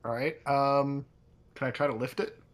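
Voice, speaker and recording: A man's voice: medium pitch, steady tone, normal speed. A man playing in a tabletop game, talking casually and matter-of-fact about his character's actions. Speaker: player.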